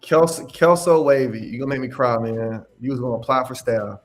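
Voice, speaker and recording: A young man hosting a casual livestream Q&A as a mentor. He talks in an animated, slangy way, laughs often and repeats his phrases. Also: medium pitch, a little fast, faint music behind. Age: young adult. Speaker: independent adjuster mentor hosting a live Q&A.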